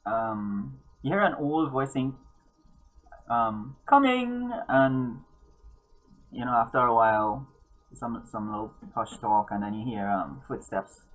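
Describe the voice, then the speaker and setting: Woman game master, very low, slow, lots of ums. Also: a bit bright, husky, poor audio. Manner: halting, many ums and self-corrections. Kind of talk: narrating a tabletop game.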